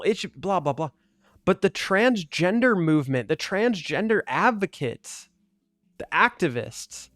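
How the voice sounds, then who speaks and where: A man's voice: a little high, fairly bright tone, no room sound, clean studio sound. A man talking earnestly and argumentatively in casual commentary over gameplay, with lots of "like" fillers. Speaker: gaming video creator.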